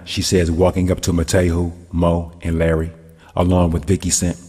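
A man reading a storybook tale aloud in a calm, even voice. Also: sits low, moderate pace, breathy edge, big-room sound. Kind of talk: storybook narration.

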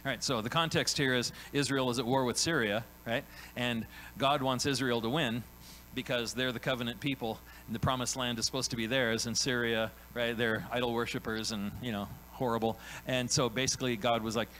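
Speaking conversationally from the pulpit, this man keeps tagging his lines with "right?" and dips into quick voiced asides as biblical characters. His medium-pitched voice is steady in tone, pushed and bright. The audio is poor, with slight background noise.

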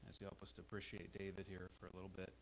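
American man, pastor, low voice, emphatic sermon delivery in church, faint hum on the recording. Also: monotone, very fast, low-quality recording. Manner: emphatic, rises to loud exhortations. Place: church sanctuary.

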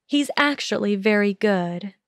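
A woman voicing a sharp-tongued, indignant teenage witch, clipped and defiant, in a fan audiobook. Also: medium pitch, expressive, unhurried, no echo, studio quality.

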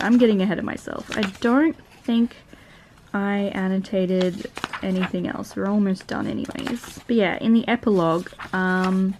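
A young woman with an Australian accent chatting casually in a book vlog, animated and laughing often. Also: a little high, a little hiss or hum. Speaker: book vlogger. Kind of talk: casual reading vlog chat.

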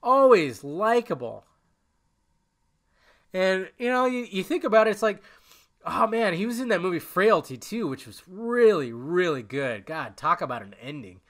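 A man's voice: high voice, very animated, normal speed, fairly bright tone. A young man hosting a casual solo podcast, rambling and emotional, cursing often as he talks. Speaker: podcast host.

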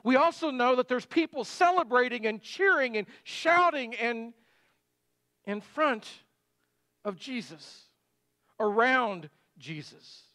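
A man's voice: very high voice, animated, takes it slowly, pushed and bright, dry recording. A middle-aged male pastor giving a conversational sermon full of rhetorical questions.

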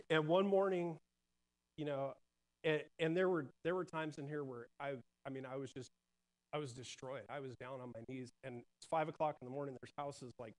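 Guy telling his church testimony, kinda high voice, earnest, stumbles and restarts a lot. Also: low-quality recording. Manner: earnest, halting, many restarts and fillers. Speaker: church member sharing testimony. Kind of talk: personal testimony in church service.

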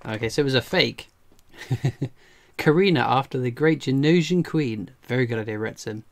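A man's voice: medium pitch, moderate pace, gravelly. An English man hosting a casual livestream, chatting and joking while he reads out viewer comments. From England. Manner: chatty and jokey, laughs often. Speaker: coin collecting livestream host.

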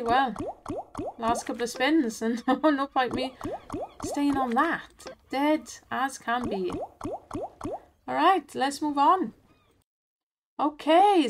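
A chatty Welsh woman with a fairly high voice talks through slot spins in a loose, casual way. She laughs often and urges the reels on. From Wales. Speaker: online slots streamer. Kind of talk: casual chat and commentary over gameplay.

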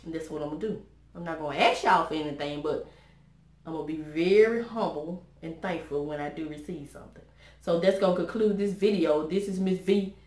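A woman's voice: low voice, brisk, roomy sound. An older woman, gushing over gifts in a casual unboxing vlog, calling viewers y'all and baby. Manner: warm, effusive and churchy, addresses viewers as y'all and baby. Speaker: vlogger.

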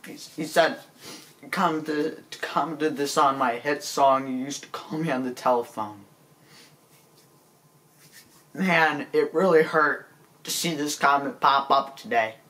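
A man delivering a mock-serious apology monologue as a comedy vlogger. He stammers and sounds tearful and self-pitying, and his pleading breaks into sudden high, squeaky cracks. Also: takes it slowly, long pauses, sharp tone.

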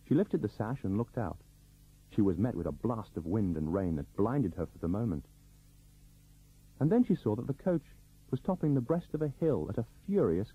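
A man reading a novel aloud as an audiobook narrator, in scripted narration with a lively, varied delivery. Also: fairly low pitch, breathy edge. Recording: dull lo-fi recording.

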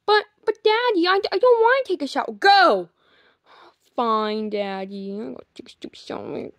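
A man's voice: very high voice, moderate pace, gravelly, fairly bright tone, no echo, exaggerated voice. A man voicing a whiny grown boy who refuses to shower, in a puppet fan video, with sulky, dragged-out complaints.

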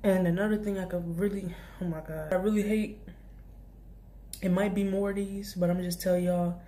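A woman's voice: on the low side, steady tone, normal speed, mellow. Rambling young woman telling a storytime. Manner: rambling, casual, frequent restarts and asides. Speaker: vlogger. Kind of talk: storytime vlog.

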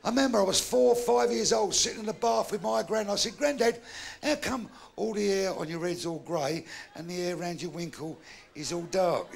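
An older man telling bawdy jokes in live stand-up, with gravelly punchy delivery and shouted punchlines. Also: sits high, moderate pace, slight background noise. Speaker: stand-up comedian. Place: live comedy venue with audience.

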